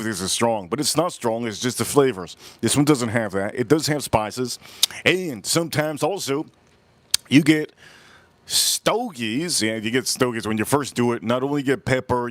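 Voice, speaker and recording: A man hosting a casual live cigar review outdoors, just woken up, talking in a relaxed way, repeating himself and greeting his chat. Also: mid-range voice, no room sound. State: groggy morning voice, just woke up. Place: outdoors, windy.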